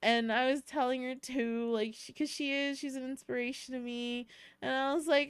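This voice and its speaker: This young woman's voice sits high, clear and resonant, with fairly even intonation, a moderate pace, and no echo. Talking casually to her chat about a meetup, she gets emotional and giggly, often on the edge of tears and laughter, rambling and restarting as she goes.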